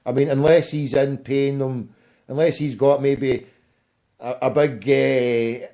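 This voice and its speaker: A man's voice: mid-range voice, little pitch movement, slow pace, mellow. A Scottish man in casual chat, blunt and profane, dropping "mate" often. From Scotland.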